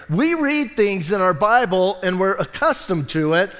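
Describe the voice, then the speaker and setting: A man preaching a sermon as pastor, talking in an animated, conversational way and often breaking in with "listen" and "right?". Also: sits high, moderate pace, long reverb tail. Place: church.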